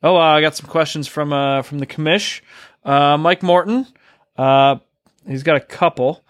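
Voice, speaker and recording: A man hosting an interview podcast, reading listener questions in a halting, self-deprecating way with many fillers. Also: on the high side, fairly even intonation, dry recording, clean studio sound. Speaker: podcast host.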